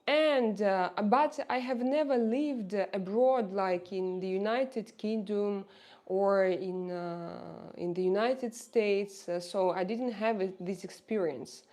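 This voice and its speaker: Speaking slowly in a mellow, mid-range voice, this livestream host chats casually with her viewers. She's a Russian-accented woman in her forties who frequently hesitates, using fillers and starting over.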